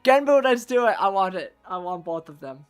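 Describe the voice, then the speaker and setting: A woman streaming a video game, chatting with viewers in a giggly, animated way. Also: mid-range voice, brisk, smooth, faint music behind. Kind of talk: casual live gameplay commentary.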